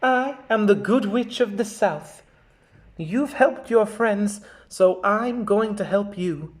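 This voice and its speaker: A kind good witch from a children's storybook, speaking softly and slowly, voiced by a man. Her tone is calm and soothing. It is gentle and unhurried. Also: high-pitched.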